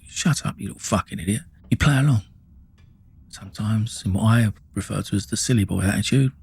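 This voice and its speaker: In casual spoken storytelling, a middle-aged Essex man from England describes his life in a low, husky voice with a darkish tone. He's blunt and sweary, restarts often, and keeps saying "you know what I mean".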